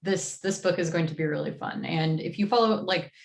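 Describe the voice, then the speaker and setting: A woman in a livestream chat, talking about new releases in a loose, chatty way with plenty of ums and uhs. Her voice sits a little low for a woman. The room around her rings with echo. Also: a little fast, gravelly. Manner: chatty, many fillers. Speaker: comics publisher staff host. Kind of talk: casual livestream rundown.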